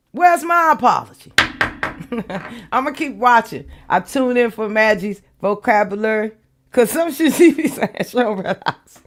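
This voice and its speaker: A woman hosts a loose, playful livestream, laughing often and calling her viewers y'all. Her voice sits a little high, and she talks at an easy, unhurried pace. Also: background noise. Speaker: online commentary show host. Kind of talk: casual livestream chat with viewers.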